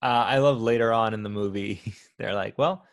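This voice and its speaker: A man's voice: on the low side, moderate pace, dry recording, clean studio sound. Eager man gushing about a movie. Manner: enthusiastic, animated when retelling scenes. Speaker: podcast co-host. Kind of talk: casual film discussion.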